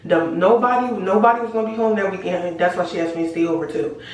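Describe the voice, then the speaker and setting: A woman telling a storytime to her viewers in a casual, animated, slangy and profane way. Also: fairly low pitch, fast, far from the mic. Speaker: storytime vlogger. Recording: very echoey room, voice away from mic.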